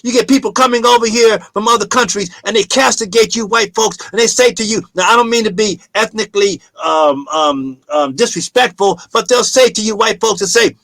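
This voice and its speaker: A man hosting a talk show, delivering an impassioned political monologue in a preachy, emphatic way and sometimes shouting. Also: sits high, fairly quick, vocal fry, hardly any pauses, dry recording.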